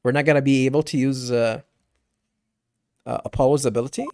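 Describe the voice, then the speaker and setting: A man giving casual, rambling commentary over a game, halting and laughing as he reads along. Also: medium pitch, fairly even intonation, darkish tone. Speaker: let's play host.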